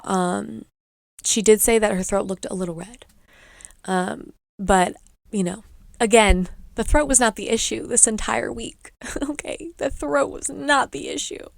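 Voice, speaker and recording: A woman's voice: medium pitch, gravelly, no echo. A young woman hosting a podcast, rambling through a chatty story in a casual way. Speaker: podcast host. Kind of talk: casual chat.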